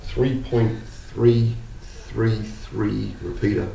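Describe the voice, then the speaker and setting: An Australian man in a casual electronics tutorial, slowly working through sums aloud and then telling a joke. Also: on the low side, steady tone, creaky, mellow. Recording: roomy, distant, faint background hum.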